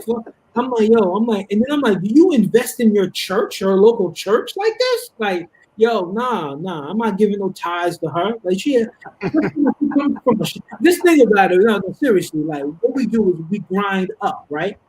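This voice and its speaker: Husky-voiced animated New man. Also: high-pitched, a little slow, low-quality recording. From Harlem, New York. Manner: animated storytelling, laughing often. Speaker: guest. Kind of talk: casual podcast chat.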